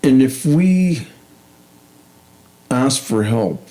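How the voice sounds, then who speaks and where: A man's voice: medium pitch, animated, very slow, mellow, poor audio. A man speaking reflectively in short broken phrases during a casual heartfelt conversation.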